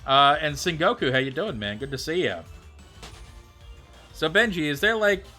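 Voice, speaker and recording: A man's voice: on the high side, big pitch swings, moderate pace, pushed and bright, soft background music. A man from the United States streaming a game live, chatting casually and answering his viewers' messages. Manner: chatty, thinks aloud, reads out and answers chat. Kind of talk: casual chat with viewers while gaming.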